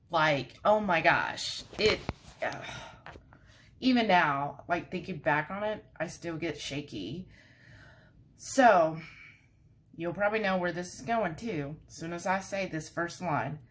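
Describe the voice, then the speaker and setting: Animated woman telling a scary story. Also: on the low side. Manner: animated, breathless storytelling with many asides. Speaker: vlogger. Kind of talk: casual storytelling.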